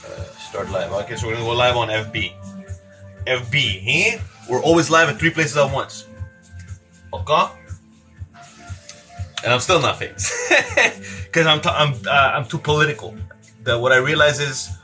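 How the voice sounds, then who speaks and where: Bright-voiced joking man streaming live. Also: mid-range voice, moderate pace, pauses often, soft background music. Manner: joking, rambling, laughs a lot. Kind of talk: casual live-stream chat. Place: home kitchen.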